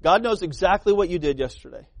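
A man preaches a sermon in a notably high voice, pressing his points hard and repeating words for stress. He slips into quoted voices as he goes. The sound is close and dry, with no room around it. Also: expressive, fast, no echo. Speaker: pastor.

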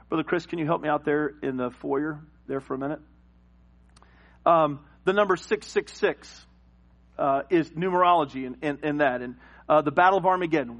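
A man preaching a sermon in church, telling a lively personal story and acting out the voices in it. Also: a little high. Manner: animated storyteller who acts out voices. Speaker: pastor.

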